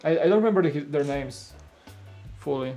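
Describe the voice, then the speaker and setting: A slightly high-voiced man chatting casually on a live stream as he builds, rambling and thinking aloud to viewers. He talks into a studio mic at his home setup, with faint music playing behind him. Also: lively intonation, normal speed, mellow.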